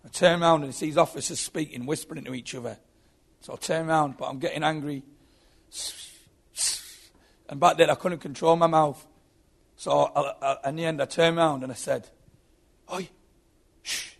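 A man's voice: a little high, steady tone, a little fast, gravelly, pauses often. A man telling his own story as a Christian testimony, earnest and often repeating his words. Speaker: former prisoner giving testimony.

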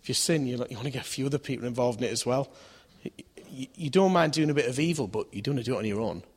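Very fast and slightly rough at a medium pitch, a man preaches a sermon in a conversational way, asking questions of his listeners and voicing characters in his stories. The recording has long hall reverb.

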